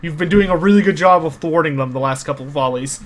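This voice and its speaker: A man's voice: on the high side, fast. A man narrating a tabletop game as game master, explaining the rules patiently with many small hesitations.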